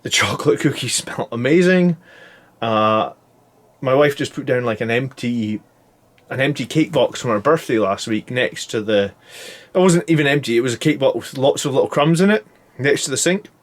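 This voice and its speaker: A man in his thirties talks through a casual video diary, worn out and foggy after a long fast. He rambles along, keeps restarting his sentences and loses his thread in places. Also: medium pitch. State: tired and foggy from fasting. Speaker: YouTube channel host.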